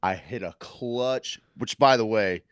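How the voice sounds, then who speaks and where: A man co-hosting a loose comedy podcast, teasing his friend with animated energy and swearing freely. His voice sits fairly low. The room sounds dry and close. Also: slow, clean tone, dry recording. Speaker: podcast co-host. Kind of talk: casual chat.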